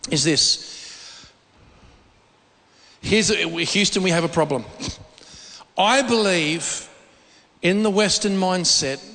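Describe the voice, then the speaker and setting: A middle-aged man gives a loose, conversational sermon, often doubling back on his words. His voice sits high and sounds bright and forward. The recording carries a long reverb, as in a large hall. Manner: informal, repeats words while searching for phrasing. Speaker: preacher.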